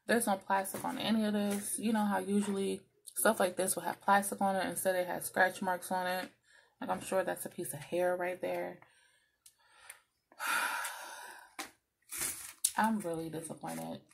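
A woman's voice: fairly low pitch, creaky, a little hiss or hum. A woman vlogger and small business owner, chatting casually to viewers as she unboxes packages and vents her frustration, cussing freely.

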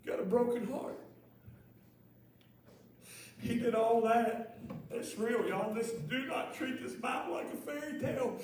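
Impassioned high-voiced preacher in echoey church. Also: male voice, unhurried, long pauses, distant mic, slight background noise. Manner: impassioned preaching, often shouting, repeats phrases. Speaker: pastor. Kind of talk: sermon. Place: church sanctuary.

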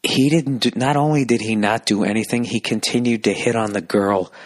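A man hosting a podcast, telling a story in a profane, animated, exasperated way. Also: medium pitch, brisk, no room sound, clean studio sound. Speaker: podcast host, comedian. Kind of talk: ranting comic storytelling.

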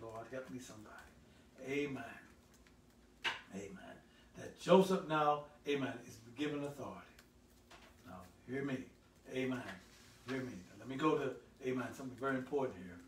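A male pastor preaching a sermon, swelling loud on scripture and dropping low for "help me, somebody.". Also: brisk, pauses often. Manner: call-and-response preaching, swells loud then drops low. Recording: echoey room, voice from a distance.

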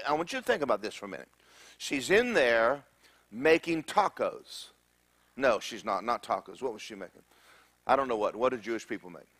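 Lively joking male preacher. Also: mid-range voice, no echo. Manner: animated, joking storyteller. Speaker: pastor. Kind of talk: sermon.

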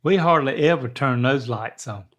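An older man, giving rambling, folksy home advice in a casual chat and clearing his throat now and then. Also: mid-range voice, moderate pace, fairly bright tone. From American South. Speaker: guest father giving advice.

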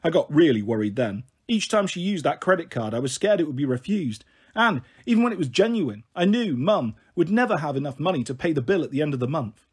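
A man narrates a children's novel aloud in the first person, with an expressive delivery. His voice sits high and swings widely, with a husky edge. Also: fairly quick. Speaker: storyteller. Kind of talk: audiobook reading of a children's novel.

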